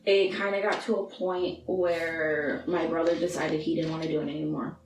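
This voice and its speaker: Low-voiced young woman, candid and halting. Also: little pitch movement, over music, rough recording. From United States. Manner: candid, emotional, halting with restarts. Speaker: interview guest. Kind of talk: personal storytelling interview.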